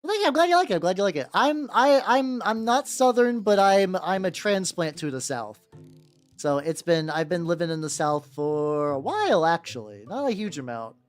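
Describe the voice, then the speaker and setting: A man with a higher-register voice streaming as he paints miniatures, chatting casually with viewers and rambling with lots of "like" and restarts. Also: very animated, normal speed, faint music behind. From United States. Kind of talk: casual livestream chat.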